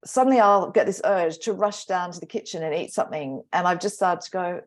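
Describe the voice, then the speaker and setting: Low-voiced woman astrologer, reflective. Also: expressive. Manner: reflective, slow, trailing pauses. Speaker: astrologer guest. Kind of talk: casual podcast chat.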